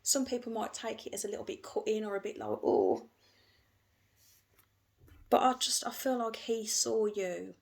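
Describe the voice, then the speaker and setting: A woman giving an emotional, gentle tarot reading, repeating herself often. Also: on the high side, brisk, creaky, few pauses. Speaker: tarot reader.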